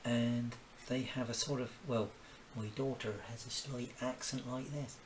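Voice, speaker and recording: Man with a Kent accent, unhurried, rambling live-drawing chat, faint room ambience. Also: mid-range voice, flat delivery, noisy background. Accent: Kent English. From Kent, England. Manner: rambling, mutters to himself, little exclamations. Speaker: cartoonist streaming live. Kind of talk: casual chat while drawing. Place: home, cooking dinner while drawing.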